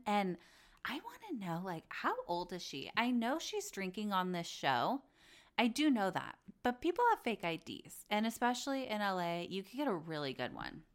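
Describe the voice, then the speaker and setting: A woman hosting a podcast, chatting casually and gushing with lots of fillers. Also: mid-range voice. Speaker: podcast host. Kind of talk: casual reality TV recap chat.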